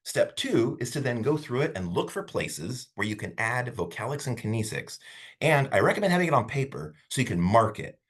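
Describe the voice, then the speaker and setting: A man teaching a public speaking class online in a casual, animated way, rambling a little with fillers, over a computer mic. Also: mid-range voice, brisk, breathy edge. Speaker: college instructor.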